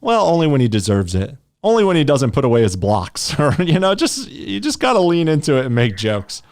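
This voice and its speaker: A man's voice: on the high side, wildly swooping pitch, brisk, darkish tone. Brash joking young man hosting. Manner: brash, joking, laughs at his own lines. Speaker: podcast host. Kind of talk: casual podcast chat.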